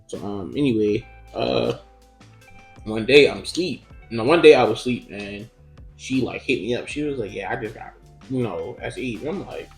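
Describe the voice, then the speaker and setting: Young man, casual storyteller, loose and profane, mid pitch, echoey room, faint music under. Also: expressive, normal speed, gravelly. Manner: profane, rambling storytelling with many fillers. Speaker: podcast co-host. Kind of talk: casual chat. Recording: roomy echo.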